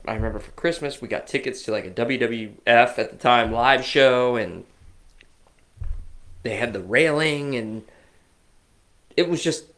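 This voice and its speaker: Guy in his 40s rambling away on a podcast, excited storytelling. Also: mid-range voice. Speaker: co-host. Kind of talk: casual chat.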